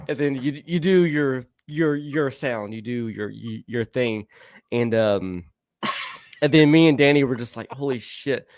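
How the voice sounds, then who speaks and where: A man recounts a story in a loose, casual way, stumbling over his words and repeating himself. His voice sits at an ordinary middle pitch. The sound is dry and close, with no room around it. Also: a little mellow, smooth, dry recording. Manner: halting, stammering, laughs often.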